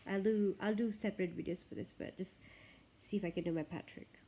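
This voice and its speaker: A woman's voice: mid-range voice, steady tone, fairly quick, dark tone, slight background noise. A woman vlogger talking casually to the camera in a chatty, rambling way.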